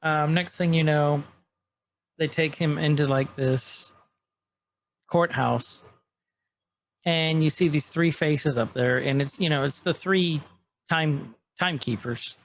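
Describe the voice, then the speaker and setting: Guy with a gravelly voice chatting on a podcast, slightly high for a man, tossing in quotes from the show. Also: slow pace, pauses often, slight background noise. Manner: animated, acts out scene quotes in passing. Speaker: podcast co-host. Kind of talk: casual chat, recapping a show.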